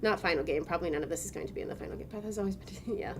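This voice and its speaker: A woman's voice: lowish voice, very fast, slight background noise. A young American woman streaming a game, chatting casually with viewers, laughing and swearing now and then. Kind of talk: casual gameplay commentary.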